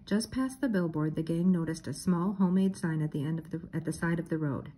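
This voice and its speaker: A woman's voice: sits low, brisk, warm tone, slightly rough. Older woman reading a storybook aloud. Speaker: storybook reader. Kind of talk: reading a children's book aloud.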